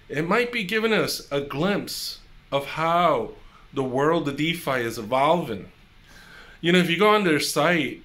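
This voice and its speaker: A man's voice: fairly high pitch, fairly bright tone. Upbeat man hosting a crypto video. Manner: upbeat, chatty, addresses viewers directly. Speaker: crypto channel host. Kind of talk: casual crypto news commentary.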